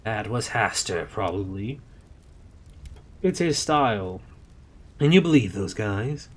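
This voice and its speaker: A man's voice: lowish voice, big pitch swings, slow, a little hiss or hum. A man voicing a sly, cynical male demon who talks in a snappy, sarcastic way.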